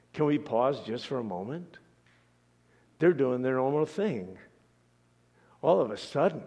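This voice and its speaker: A man's voice: mid-range voice, gravelly, breathy edge, big-room sound. A male pastor preaching a sermon dramatically, asking questions and dropping to near-whispers before building up again.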